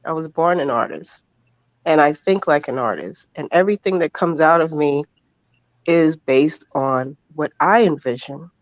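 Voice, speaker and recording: A man's voice: on the high side, moderate pace, no echo. An earnest man speaks as a podcast guest, heartfelt and emphatic, repeating key phrases. His audio is dry with no room sound and comes through dull and lo-fi. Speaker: interview guest. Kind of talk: emotional podcast interview.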